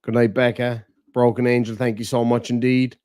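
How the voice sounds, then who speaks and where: Swearing freely and laughing, a streamer tells stories on a casual late-night broadcast. His medium-pitched voice is level, moderately paced, a little mellow, clear and resonant, recorded at studio quality with no room sound.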